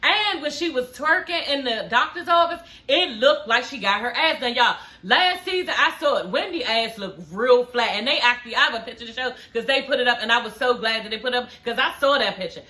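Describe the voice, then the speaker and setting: A woman's voice: on the high side, sharp tone. Sassy gossiping woman in echoey room. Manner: sassy, gossipy, swears freely, drawn-out emphasis. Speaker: reality TV recap vlogger. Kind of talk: casual spoken episode recap.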